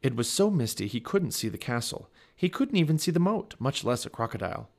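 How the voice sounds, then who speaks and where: Man reading a storybook with lively pitch. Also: a little fast. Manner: expressive storytelling. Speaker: family podcast reader. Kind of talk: reading a children's chapter book aloud.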